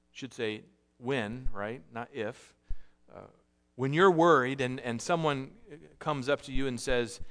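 A man preaching a sermon in an earnest, measured way, stressing key phrases and often repeating himself. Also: mid-range voice, fairly bright tone. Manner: earnest, measured preaching with frequent repetitions and restarts. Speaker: pastor.

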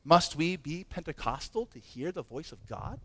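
Impassioned high-voiced preacher man. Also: very animated, moderate pace, breathy edge, dry recording. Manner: impassioned, emphatic preaching with many rhetorical questions. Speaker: pastor. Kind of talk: sermon.

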